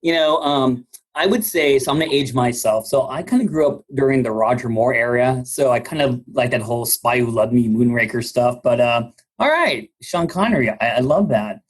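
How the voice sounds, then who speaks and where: A man's voice: mid-range voice, lively intonation, normal speed, few pauses, breathy edge. A man hosting a podcast interview in a jovial, casual way, laughing often and stumbling over his words. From United States. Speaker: podcast host.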